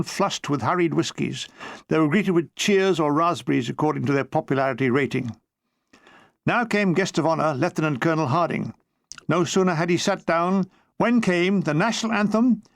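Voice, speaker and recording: Reading his own memoir aloud, a man uses a high, gravelly voice recorded with no echo. The audiobook narration has a dry comic tone, and he briefly mimics characters as he goes.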